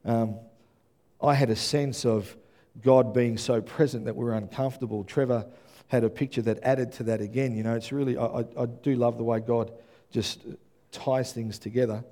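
In a mellow, dark voice of medium pitch and steady tone, an earnest male preacher gives a sermon at a moderate pace. He trips over and repeats words before building to loud, emphatic peaks.

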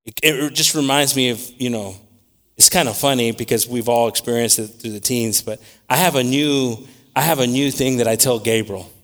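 A man preaching a sermon, swinging between loud scripture reading and quiet, repetitive asides. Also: medium pitch, normal speed. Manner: repeats words while searching for them.

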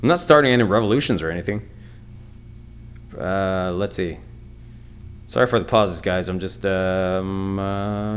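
A man hosting his own comedy podcast alone, talking in a profane, excitable, rambling way. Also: low voice, measured pace, long pauses, slight background noise. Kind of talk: casual solo podcast monologue.

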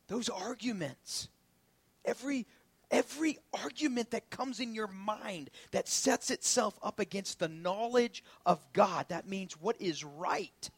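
A man preaching a sermon as pastor, swinging from loud preaching to hushed whispers. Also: sits high, animated, moderate pace, husky, no echo.

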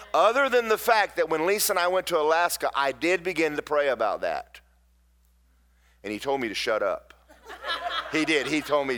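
A man's voice: mid-range voice, fairly bright tone. A middle-aged man, a pastor preaching a sermon in folksy storytelling with emphatic bursts.

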